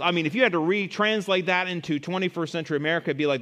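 A male pastor delivers a sermon in a church with a long reverberant tail. His voice sits a touch high, and he climbs louder and higher whenever he reads scripture, stumbling and repeating words as he talks. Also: very fast, few pauses. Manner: rises loud and high when quoting scripture, repeats words.

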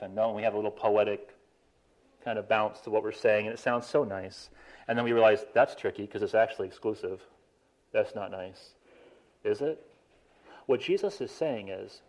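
A man preaching a sermon, animated, stressing key words and slowing down for emphasis. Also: medium pitch, rough recording. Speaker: pastor.

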